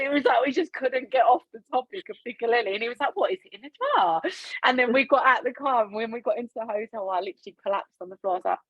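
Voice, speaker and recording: A woman's voice: medium pitch, slightly rough, dry recording. A woman hosting a video training call, telling a story in a chatty way and laughing often. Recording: dull, dry video call audio.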